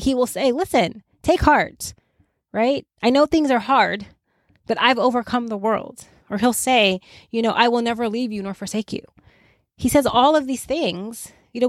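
A woman teaching a relaxed Bible study, talking conversationally with frequent "right?" asides and lively quoting. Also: fairly high pitch, no room sound. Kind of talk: casual Bible study talk.

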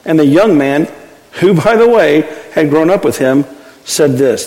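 High-voiced man preaching a sermon. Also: lively intonation, unhurried, dark tone, long reverb tail, rough recording. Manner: conversational storytelling, folksy. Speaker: pastor. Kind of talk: sermon with scripture reading.

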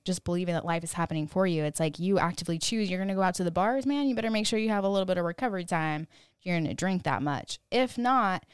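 A woman in her thirties hosts a solo podcast, rambling candidly with lots of "like" and "you know," and swearing freely when she quotes her younger self. Her medium-pitched voice is smooth, recorded at studio quality with no echo.

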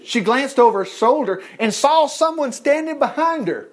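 Animated preacher man, lively pitch. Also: moderate pace, hardly any pauses. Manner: lively, asides and chuckles between verses. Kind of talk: sermon, reading and commenting on scripture.

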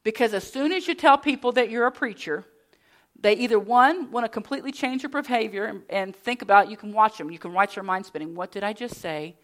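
A woman's voice: fairly high pitch, lively intonation, brisk. A middle-aged woman preaching a sermon as a pastor's wife, earnest, with storytelling and conversational asides.

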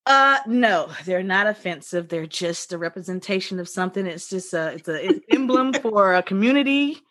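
Woman cohosting a podcast, easygoing chatty banter, mid pitch. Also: animated, normal speed, fairly bright tone. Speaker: podcast co-host. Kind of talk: casual chat.

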